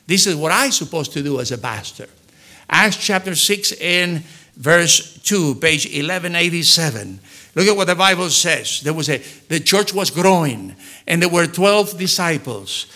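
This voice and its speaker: High-voiced emphatic male pastor preaching. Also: bright, forceful tone. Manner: emphatic, acts out scripture quotes. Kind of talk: sermon.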